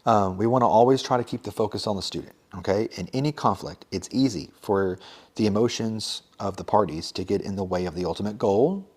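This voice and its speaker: A young man with a slightly low voice talks casually, as a teacher sharing advice with other educators. He keeps it conversational, with plenty of fillers and quick asides. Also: a little mellow, slightly rough. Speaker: teacher and podcast host.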